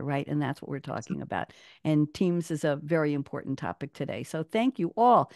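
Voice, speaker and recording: A woman hosting a live online talk show, chatty and animated, laughing often, speaking over a video call. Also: lowish voice, dry recording, clean studio sound. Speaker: host.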